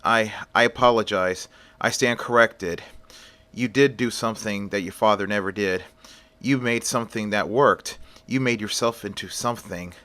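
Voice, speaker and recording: A man voicing a middle-aged mother who speaks quietly, belittling her son and later apologizing. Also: lowish voice, normal speed, lightly acted. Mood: apologetic.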